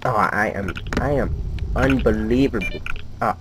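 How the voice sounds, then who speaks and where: Nervous slow-talking man playing a game. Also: fairly low pitch, music in the background. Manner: jumpy, nervous, talks to himself. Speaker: gamer. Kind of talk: let's play commentary. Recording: noisy home game recording.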